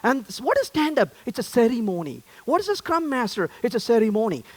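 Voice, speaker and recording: A man's voice: very high voice, big pitch swings, fast. A man giving a conference talk on stage, joking and asking the audience questions. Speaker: conference speaker.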